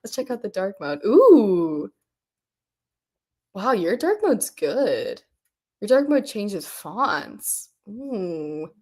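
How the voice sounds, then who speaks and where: A woman's voice: mid-range voice, very animated, slow pace. A woman hosting a coding workshop on a livestream, chatting casually and gushing over what she sees with lots of giggles and "oh my God.". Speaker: workshop host.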